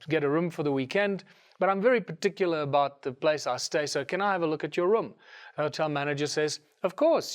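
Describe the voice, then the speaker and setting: A middle-aged South African man with a fairly high voice tells a story with animation. He gives each character a quick voice of its own and keeps his talk conversational. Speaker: speaker.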